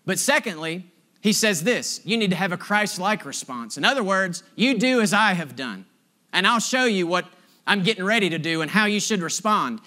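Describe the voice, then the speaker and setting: A middle-aged male pastor delivers a sermon in a high, bright voice. He tells stories from the pulpit, moving between emphatic lines and hushed, drawn-out points. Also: animated. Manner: storytelling, swings from emphatic to hushed and slow.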